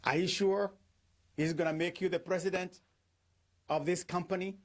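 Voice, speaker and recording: A man's voice: sits high, fairly even intonation, moderate pace. A middle-aged man speaking as a pastor in a devotional talk. He asks his listeners rhetorical questions and acts out the things people say.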